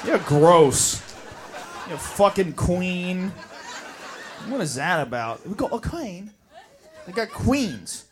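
An American man doing a profane, shouting stand-up rant, recorded live in a comedy club. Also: high voice, sing-song, takes it slowly, pauses often. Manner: profane, shouting, mocking voices. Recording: live club with crowd and noise.

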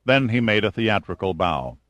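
A man narrating an audiobook in a steady, measured storytelling manner on a close mic. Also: fairly low pitch, dry recording.

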